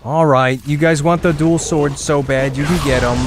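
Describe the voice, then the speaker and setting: Chatty excitable male game streamer. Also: on the high side, normal speed, noisy background. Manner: chatty, excitable, laughs often, reads chat aloud. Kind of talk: casual live gameplay commentary.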